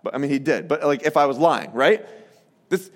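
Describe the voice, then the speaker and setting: A man preaching a sermon as a pastor, animated and conversational, acting out quoted voices. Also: fairly high pitch, moderate pace. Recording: reverberant hall.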